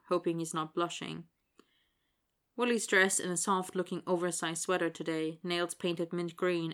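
A woman narrating an audiobook in a steady, wry storytelling manner. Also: fairly low pitch.

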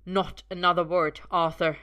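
A woman's voice: lowish voice, level tone, moderate pace, a bit bright, smooth, close to an everyday voice. A woman voicing a sneering, menacing father. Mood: cold contempt. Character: cold, contemptuous middle-aged father with a gun.

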